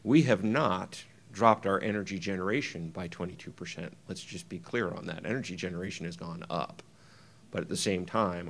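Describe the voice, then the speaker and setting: A man with a very low voice presents a keynote at a conference. He walks through his slides with frequent ums and uhs and restarts his sentences. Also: moderate pace, fairly bright tone, a little hiss or hum. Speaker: keynote speaker.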